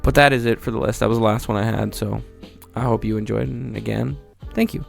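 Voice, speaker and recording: Gravelly man ranting comedically. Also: lowish voice, fairly even intonation, fast, soft background music. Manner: profane, rambling, mock-incredulous. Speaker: video creator. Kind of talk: comedic monologue.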